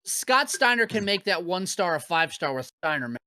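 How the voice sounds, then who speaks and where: Podcast co-host, man, lively bright delivery, dry close mic. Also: high-pitched, normal speed, clean tone, no echo. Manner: animated, swearing freely. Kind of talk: casual chat.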